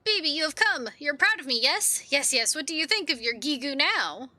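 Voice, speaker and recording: A woman's voice: sits high, sing-song, normal speed, bright, forceful tone, no room sound, soft background music, voice pushed up, exaggerated voice. A woman doing a fussy, boastful little foreman. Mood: grandiose. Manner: repeats himself in breathless strings of synonyms.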